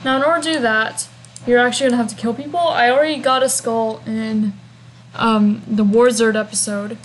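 A young woman talks through a game walkthrough in a loose, rambling way, tossing in hums and asides. Her voice sits a bit high. Faint background hiss sits under the recording. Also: fairly even intonation, a little fast, poor audio. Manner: chatty and rambling, with humming fillers. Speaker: gameplay walkthrough narrator. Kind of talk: casual game walkthrough narration.

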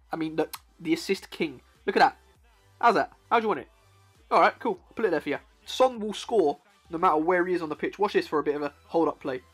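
Young man, high-pitched, excitable game commentary, faint music behind. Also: husky. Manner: excitable, playful, talks to the viewer. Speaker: gaming YouTuber. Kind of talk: hyped football game commentary.

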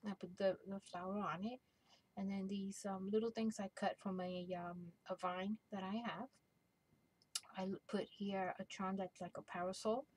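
A middle-aged woman casually showing a handmade craft album, talking in a gentle, hesitant way with many ums and restarts. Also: mid-range voice, fairly even intonation, moderate pace, husky, low-quality recording. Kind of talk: casual show-and-tell.

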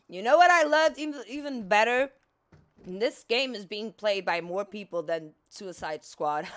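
A woman giving casual, chatty gameplay commentary, talking to the on-screen character and swearing freely. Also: medium pitch. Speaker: gaming streamer.

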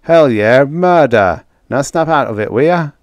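A man voicing a burly male convict who growls his words in rough, slangy speech. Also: medium pitch, lively intonation, a little slow, no echo, voice pushed up, close to an everyday voice. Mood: impatient. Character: gruff burly male convict, blunt and impatient.

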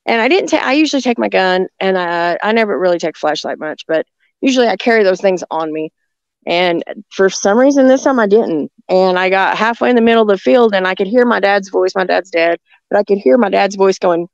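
A woman's voice: mid-range voice, fairly quick, no room sound. A woman tells a rambling story in a chatty voice, filling it with likes and ums. The audio sounds dull and dry. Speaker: guest. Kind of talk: casual storytelling.

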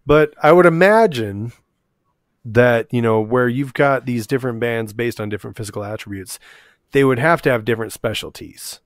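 Jokey podcast co-host with a dry sound. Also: male voice, medium pitch, moderate pace, no echo. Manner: jokey, speculative. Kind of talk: casual chat.

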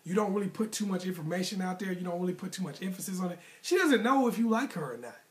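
Brief: male dating coach, talks straight to camera, casual and slangy, pushes his points hard with repetition, voice sits a bit high. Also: animated, fast talker. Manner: emphatic, repetitive, motivational. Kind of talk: direct-to-camera advice monologue.

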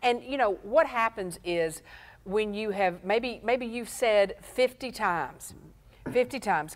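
A woman's voice: fairly high pitch, animated, a little slow. A woman co-hosting a talk on marriage as a pastor, explaining earnestly with everyday examples. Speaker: pastor and show co-host. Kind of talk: casual teaching talk on marriage.

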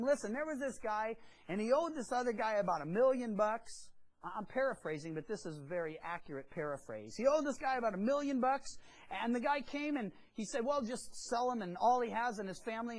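A woman teaching a sermon in a lively, storytelling way, acting out the dialogue of biblical figures and adding humorous asides to the congregation. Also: mid-range voice, poor audio. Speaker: Bible teacher.

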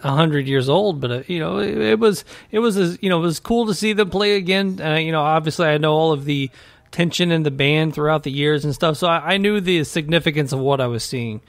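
Man, podcast co-host, casual chat, easygoing, lots of fillers, slightly high voice, dry close sound. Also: brisk, gravelly, no echo. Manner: easygoing, filler-heavy, laughs often.

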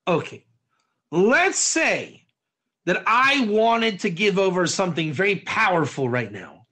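A man leads a Torah study class, his voice high and bright as he explains. He talks slowly, with a lively pitch that swings up and down, and he keeps turning to his listeners with questions. He often repeats or restarts a phrase before going on. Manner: quizzes the audience with frequent questions. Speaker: rabbi teaching a class. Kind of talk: Torah study lesson with modern analogies.

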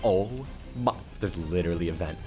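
A man hosting a gaming channel, giving excitable, exclamatory commentary as he plays and reading other players' chat aloud in his own voice. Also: deep voice, normal speed, faint music behind. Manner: excitable, exclamatory, keeps repeating "oh my goodness". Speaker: YouTuber gaming host. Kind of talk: let's-play gameplay commentary.

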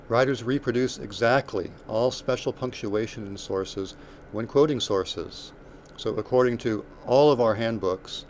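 A man's voice: on the low side, a little hiss or hum. A man teaching a recorded writing lesson, working through examples one step at a time with fillers and self-corrections. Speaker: writing instructor.

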